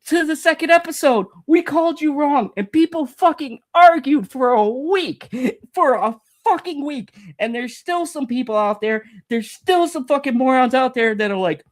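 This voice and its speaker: A woman's voice: high-pitched, normal speed. A woman hosting a commentary channel, delivering a furious, profane rant, stammering when heated and mocking her critics. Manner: furious, sweary, mocking sing-song impressions of critics.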